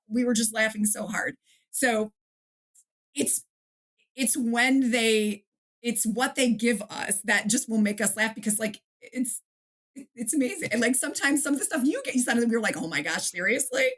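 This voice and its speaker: A middle-aged woman from the Detroit area, an author chatting in an interview, lively and quick to act out quotes and laugh. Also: a little high. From Detroit area, USA. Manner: animated storyteller, acts out quotes, laughs often. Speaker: author and guest. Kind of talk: casual interview chat.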